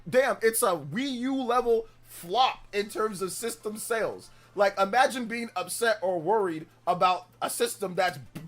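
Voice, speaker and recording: A man's voice: high-pitched, a bit bright. A man hosting a casual livestream, ranting in exasperation about a troll and then apologizing. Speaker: livestream host.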